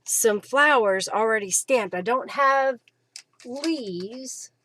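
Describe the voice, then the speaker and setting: A woman's voice: on the high side, animated, takes it slowly, a bit bright, slight background noise. A woman hosting a live crafting demonstration at home, chatting and thinking aloud with fillers as she works. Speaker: craft host.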